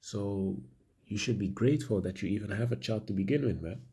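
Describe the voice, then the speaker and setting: Brief: male religious commentator, dark and raspy, halting preaching delivery. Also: on the low side. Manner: halting, repeats words, many fillers; ends phrases with "man".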